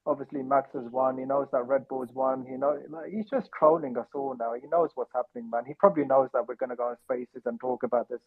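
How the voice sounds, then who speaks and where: A man's voice: mid-range voice, steady tone, fast, hardly any pauses, breathy edge. A man chatting casually and laughing as he talks, over a tinny phone-like line. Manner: chatty, laughing, many fillers and restarts. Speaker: panelist. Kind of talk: casual chat.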